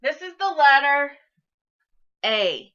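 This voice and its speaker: A woman teacher giving an early-grade classroom lesson to camera, sing-song and encouraging, speaking slowly for young children. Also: high-pitched, big pitch swings, a bit bright, muffled recording.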